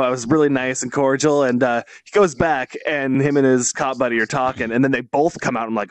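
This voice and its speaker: A man who once worked in radio, co-hosting a talk show and telling a story in a lively way. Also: medium pitch, brisk, dry recording. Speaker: co-host. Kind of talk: casual chat.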